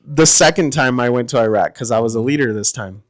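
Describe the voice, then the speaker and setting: A middle-aged man swaps army stories on a podcast, swearing freely and laughing as he goes. He acts out the voices of the people in his tale. His pitch sits in an ordinary middle range. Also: fairly quick. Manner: profane, laughing storyteller who acts out quotes. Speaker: podcast guest, former Marine. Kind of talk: casual storytelling chat.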